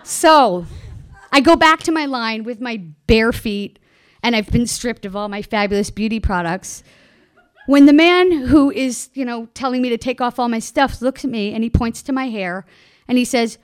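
Lady with a higher voice telling a funny airport story, laughs a lot, does little voices for people. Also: moderate pace. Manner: animated, laughing, acts out quoted people. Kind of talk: personal storytelling.

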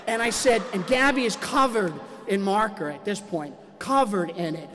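Animated man telling a story in a reverberant hall. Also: sits high, moderate pace, a little hiss or hum. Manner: animated, acts out his own shouts. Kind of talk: stand-up storytelling.

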